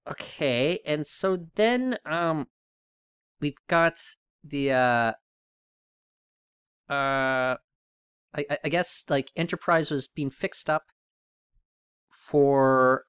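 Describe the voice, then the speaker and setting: A man co-hosting a podcast in casual chat, thinking aloud and rambling with restarts and animated questions. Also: fairly high pitch, slow pace, pauses often, clean tone, no echo, clean studio sound. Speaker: podcast co-host.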